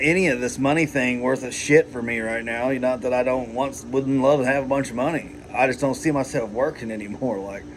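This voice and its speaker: A man's voice: medium pitch, a bit bright, a little hiss or hum. A man rambling heatedly in a personal vlog, swearing a lot and filling his talk with "like" and "you know". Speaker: vlogger.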